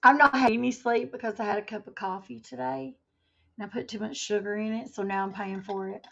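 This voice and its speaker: A woman's voice: medium pitch, fairly even intonation, fast talker, creaky, lo-fi sound. A woman hosting a casual home livestream, chatting and reading news headlines aloud. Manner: chatty, reads headlines aloud, laughs often. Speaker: livestream host. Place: home, indoors.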